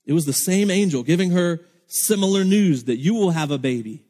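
A man's voice: high voice, expressive, a little fast, dark tone, in a large hall. A man preaching a sermon as pastor, earnest and emphatic, acting out the lines of the people he quotes.

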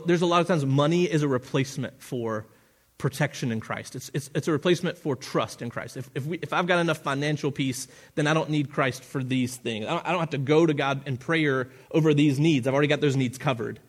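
A man delivers a sermon with earnest conviction, his voice sitting a touch higher than most men's. He often stumbles and restarts his phrases, and chuckles now and then at his own asides. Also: fast. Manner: earnest preaching with repeated restarts. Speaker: pastor.

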